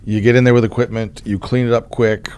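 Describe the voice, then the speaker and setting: A middle-aged man from Oklahoma hosts a conversation as the state insurance commissioner and tells a story in a relaxed way, often restarting his sentences. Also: medium pitch, fast talker, slight background noise. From Oklahoma, USA. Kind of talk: casual conversational interview.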